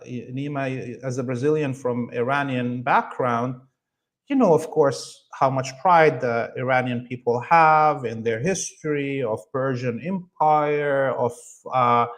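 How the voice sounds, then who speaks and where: Animated man telling a story. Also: mid-range voice, takes it slowly. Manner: animated, emphatic, many fillers and restarts. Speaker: interview guest. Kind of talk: storytelling in an interview.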